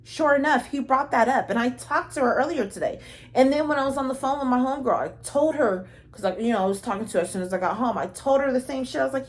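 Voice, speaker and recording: A woman giving a casual tarot reading, talking in a rambling, slangy way and swearing freely, slowing down when she reads card messages aloud. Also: a little high. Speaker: tarot reader.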